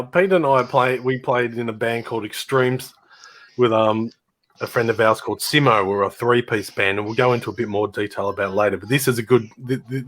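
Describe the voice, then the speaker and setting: A man, co-hosting a casual chat and telling lively stories that act out the voices of the people in them. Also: mid-range voice. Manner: lively storyteller acting out voices.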